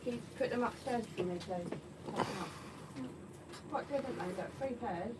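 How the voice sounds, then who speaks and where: A woman's voice: on the high side, unhurried, a little mellow. A woman in the background of a home stream, giving offhand, brief replies from away from the mic. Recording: distant voice with clear background noise.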